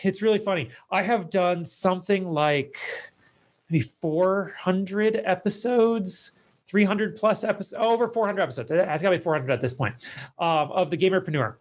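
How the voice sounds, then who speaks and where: A man's voice: high voice, normal speed. A man hosting his own podcast as a speaking coach, giving casual advice in a chatty, self-deprecating way with joking asides.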